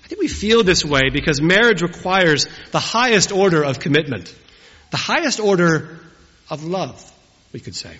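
A man's voice: fairly high pitch, big pitch swings, moderate pace, husky. A man in his forties preaching a humorous wedding sermon in a church. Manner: warm, humorous, storytelling delivery. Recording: dull recording with long church reverb.

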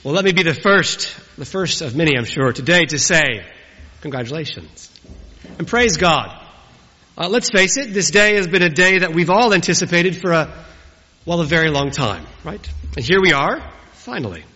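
A man's voice: fairly high pitch, expressive, normal speed, husky. A man in his forties preaching a humorous wedding sermon in a church. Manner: warm, humorous, storytelling delivery. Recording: dull recording with long church reverb.

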